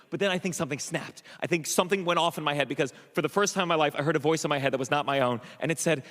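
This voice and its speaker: A man doing a stand-up comedy set, telling an animated story full of stammers and restarts, acting out the voices of the people in it. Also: fairly high pitch, racing, few pauses, big-room sound. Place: comedy club stage. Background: audience laughter.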